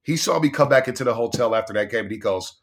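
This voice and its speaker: Brief: excitable male sports radio voice, lively and fast-moving, everyday mid-range pitch. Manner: animated, hyped, chants and yells in quotes. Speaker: radio sports host, guest. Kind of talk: excited storytelling chat.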